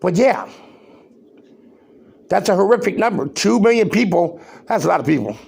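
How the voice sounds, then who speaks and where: A podcaster rants in a high-sitting, gravelly, slightly rough voice, very animated and worked up. His pace is normal as he loudly hammers home his points with rhetorical questions.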